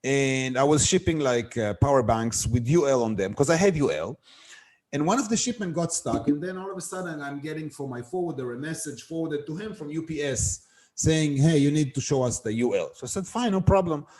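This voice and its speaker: A man's voice: a little high, brisk, a little mellow. A middle-aged man, a guest on an interview show, telling a business story and acting out the dialogue as he goes. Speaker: guest, wholesale seller.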